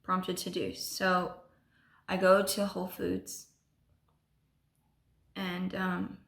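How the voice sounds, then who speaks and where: Bright-voiced woman telling a halting story. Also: lowish voice, completely flat delivery, creaky, roomy sound. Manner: halting, full of ums and restarts. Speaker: vlogger. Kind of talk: storytime vlog.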